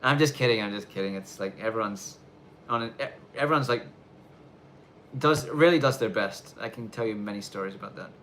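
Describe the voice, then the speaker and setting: A man's voice: fairly low pitch, fairly quick, fairly bright tone, slight background noise. Casual rambling man on a livestream. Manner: loose, rambling, many fillers. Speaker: livestream host. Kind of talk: casual live Q&A chat. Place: snowy countryside in Japan.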